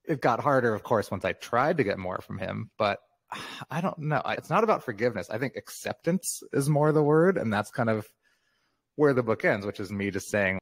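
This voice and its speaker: A man in his fifties, a memoir author, talking as a podcast guest in a relaxed, reflective way and laughing often. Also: mid-range voice, brisk. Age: 50s. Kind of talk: casual interview conversation.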